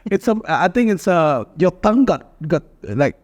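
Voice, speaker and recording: A man from Brunei with a Bruneian Malay accent, hosting a casual chat, lively and giggly, dropping "lah". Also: high voice, normal speed.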